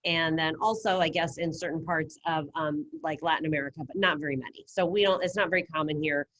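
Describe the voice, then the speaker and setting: Woman teacher, slightly low voice, patient and encouraging, online class over computer mic. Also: steady tone, quick pace, a bit bright. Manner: patient, encouraging, explains step by step. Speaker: Spanish teacher. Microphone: computer mic on video call.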